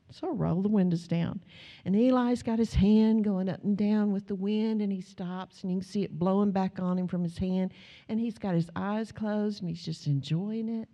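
An older woman delivers a sermon, her voice mellow and warm. She tells a story with plenty of life and slips into her family members' voices as she goes. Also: mid-range voice, lo-fi sound. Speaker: pastor.

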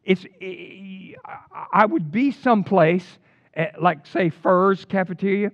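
An older man preaching a sermon in an animated storytelling way, with casual slang. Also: high-pitched, slow, no echo. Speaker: pastor. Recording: dull lo-fi dry recording.

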